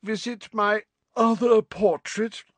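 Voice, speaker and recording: A man voicing a haughty old male wizard in a portrait, with a reedy, drawling voice and a slow, put-upon manner. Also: high voice, fairly even intonation, no echo, pitched above the performer's own voice. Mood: languid.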